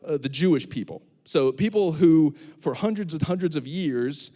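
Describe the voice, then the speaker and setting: Man, young adult, student pastor, animated storyteller, high voice, long echo of a big hall. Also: normal speed. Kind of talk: youth sermon with humor.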